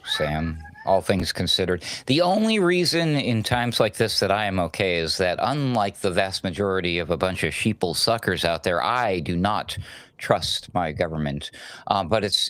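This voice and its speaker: A man's voice: sits low, fairly bright tone, no echo. A male co-host giving sarcastic, mocking political commentary in a casual chat. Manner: sarcastic, mocking, with put-on voices.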